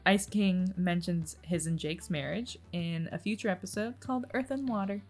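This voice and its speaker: A woman's voice: on the low side, a little mellow, soft background music. A woman co-hosting a podcast, giggling and chiming in with trivia in casual chat about a cartoon. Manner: giggly, chimes in with trivia and quick agreement. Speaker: podcast co-host.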